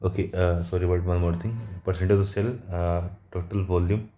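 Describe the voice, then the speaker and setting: A man working through an engineering problem at a whiteboard, halting often with fillers and self-corrections. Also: low voice, fairly even intonation, muffled recording. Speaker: engineering exam tutor.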